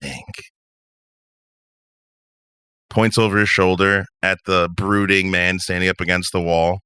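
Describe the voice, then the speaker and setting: A man's voice: low voice, level tone, moderate pace, pushed and bright, clear, resonant tone, no room sound, clean studio sound. A man narrating a tabletop role-playing game as game master, in a casual, conversational way.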